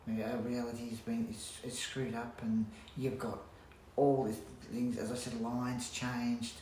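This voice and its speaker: A man ranting casually to camera at home, rambling with halting restarts and blunt swearing. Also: mid-range voice, flat delivery, a little mellow. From Australia. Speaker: vlogger. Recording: roomy echo, faint background hum.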